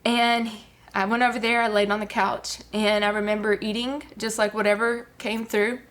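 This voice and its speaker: A woman's voice: medium pitch, flat delivery, normal speed, a bit bright. A woman, a guest giving an earnest personal testimony with many fillers. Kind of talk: personal testimony on a talk show.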